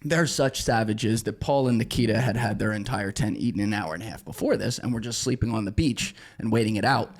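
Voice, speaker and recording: A young man from New Jersey, a podcast guest telling a story with lively energy, swearing freely and shouting out the scenes he reenacts. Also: on the low side, brisk, few pauses. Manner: excitable, profane, shouts while reenacting scenes. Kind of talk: animated storytelling.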